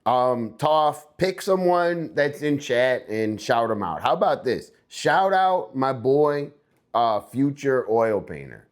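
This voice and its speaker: A young American man chatting on a livestream in an easy, rambling way. He talks slowly and drawls, but his pitch swings widely when he gets hyped and goes sing-song. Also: sing-song. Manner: laid-back, rambling, jumps to hyped sing-song bits. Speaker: livestream host. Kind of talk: casual livestream chat.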